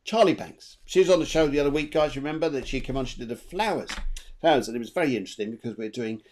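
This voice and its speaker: A man giving live psychic readings as co-host of an online show, chatty and animated, repeating himself as he goes. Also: medium pitch, quick pace. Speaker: medium and co-host. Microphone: video call.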